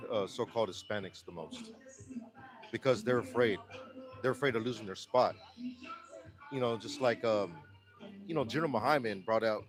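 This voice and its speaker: A man with a Texan accent giving earnest, halting answers in a street interview, often restarting his words. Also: mid-range voice, poor audio.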